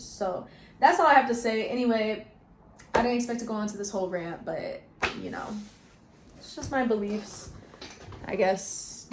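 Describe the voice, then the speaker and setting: A woman's voice: medium pitch, a little mellow, a little hiss or hum. A young woman vlogging from her bedroom in a chatty, storytelling way, full of slang. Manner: chatty, storytelling, uses slang like "y'all" and "you feel me". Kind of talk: casual vlog chat. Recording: echoey room.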